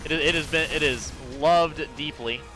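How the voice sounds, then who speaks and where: A man from Georgia streaming a game, chatting loosely with viewers in a rambling, profane way with sudden excited jumps in pitch. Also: normal speed, faint music behind. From Georgia, USA. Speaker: gaming streamer. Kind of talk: casual live-stream chat while gaming.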